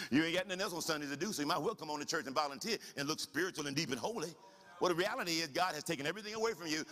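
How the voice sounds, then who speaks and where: A man preaching a sermon as the pastor of his church, animated, swinging from soft asides to shouted lines. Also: mid-range voice. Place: church sanctuary. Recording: reverberant church hall.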